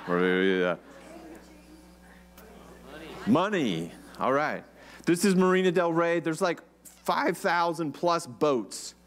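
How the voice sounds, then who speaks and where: A man's voice: a little high, a little slow. A man preaching a conversational sermon, asking the congregation questions. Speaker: pastor.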